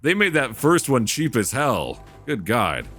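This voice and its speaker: Sarcastic gamer with lively pitch. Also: male voice, a little slow, soft background music. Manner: joking, sarcastic, reading prompts aloud. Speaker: let's play gamer. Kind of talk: casual gameplay commentary.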